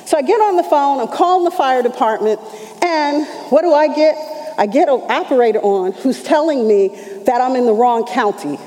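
Middle-aged woman preaching a testimony, high lively voice, mellow tone, big hall echo. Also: normal speed. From New York. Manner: animated storytelling, acts out quoted lines. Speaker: church elder. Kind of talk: testimony sermon.

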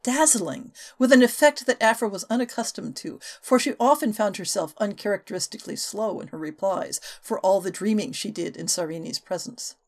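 A woman reading a historical novel aloud as an audiobook narrator, with expressive, varied delivery. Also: mid-range voice, normal speed, few pauses. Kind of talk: scripted narration.

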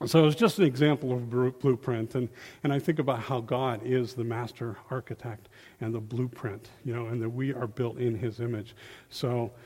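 A man giving an informal, animated sermon, acting out quotes in a folksy way, on a handheld mic in a church hall. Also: medium pitch, moderate pace. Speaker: lay preacher. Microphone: handheld microphone. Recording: long reverb of a hall.

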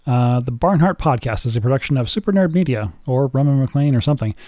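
A man hosting a podcast in casual chat, measured and dry with deadpan humor. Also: medium pitch, no room sound. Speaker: podcast host.

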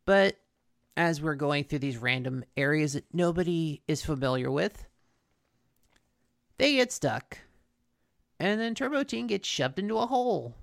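Woman, casual recap, rambling, fillers, gravelly, lively pitch. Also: measured pace, long pauses. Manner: rambling, filler-heavy storytelling with frequent restarts. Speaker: podcast co-host recapping a cartoon episode. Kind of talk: casual chat.

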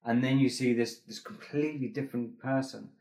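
A man's voice: mid-range voice, steady tone, brisk, a little mellow. A young man from England, a comedian guest, chatting casually in an interview and rambling with many restarts and fillers.

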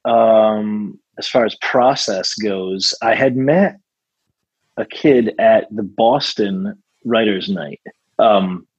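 A man's voice: on the low side, slow, a little mellow, breathy edge, dry recording, lo-fi sound. A male songwriter as a guest in a casual interview, rambling with many fillers and restarts.

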